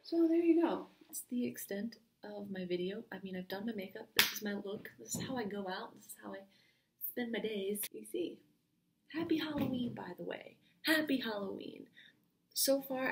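A woman's voice: medium pitch, a little hiss or hum. A young woman vlogger chatting casually through a makeup tutorial, rambling and full of "like", recorded on a built-in computer microphone at home. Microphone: built-in computer mic.

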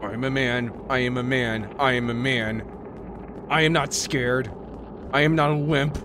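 A young man streaming a horror game, muttering to himself and yelling in fright. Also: mid-range voice, fairly even intonation, measured pace, slight background noise. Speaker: gaming streamer. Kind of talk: horror game playthrough commentary.

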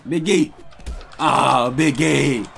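A young man giving loud, slangy live commentary while playing a fighting game, trash-talking his opponent and swearing often. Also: mid-range voice, drawn-out words, creaky. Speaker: gaming streamer.

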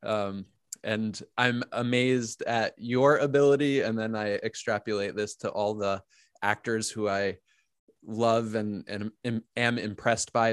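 A man's voice: on the low side, dry recording, clean studio sound. A man hosting an interview in a playful, teasing way, laughing often with his guest. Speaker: podcast interviewer. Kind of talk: casual interview chat.

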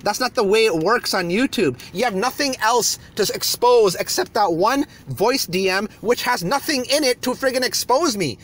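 A man's voice: high voice, lively intonation, normal speed, few pauses, a bit bright. A man on his YouTube channel, ranting heatedly and hurling insults from a parked car. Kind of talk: angry rant video.

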